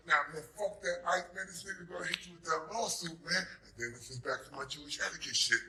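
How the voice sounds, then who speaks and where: A man's voice: high voice, fast, gravelly, bright, forceful tone, echoey room, poor audio. A middle-aged man with a Brooklyn accent tells his own story in a live one-man stage show. He talks crudely and acts out the scenes. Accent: New York, Brooklyn.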